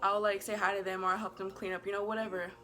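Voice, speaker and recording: Talking fast in a mid-range voice with a level, sharp tone, this woman vlogger rambles through a casual storytime to the camera. She fills it with "like," giggles, stays bubbly, and offers playful apologies.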